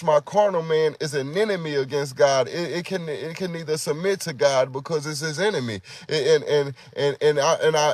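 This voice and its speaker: A man's voice: fairly high pitch, no echo. A man giving an informal sermon, talking conversationally, often repeating words and acting out quoted prayers. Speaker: preacher.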